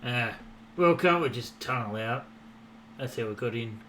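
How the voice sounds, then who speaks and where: A man playing a tabletop game, joking around with quick quips. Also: medium pitch, expressive, a bit bright, a little hiss or hum. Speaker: player.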